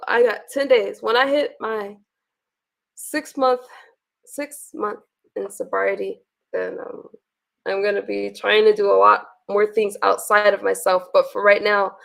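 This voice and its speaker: Woman, livestream host, gravelly voice, blunt, profane, ranting. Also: mid-range voice, a bit bright. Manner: blunt and profane, venting with restarts. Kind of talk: casual livestream rant.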